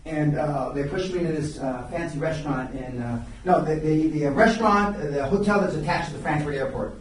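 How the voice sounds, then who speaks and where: A man's voice: on the high side, brisk, a little hiss or hum. Blunt, profane older man in an echoey hall. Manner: blunt and profane, with frequent restarts. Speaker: seminar speaker. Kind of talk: live seminar storytelling. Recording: very echoey room, recorded from far off.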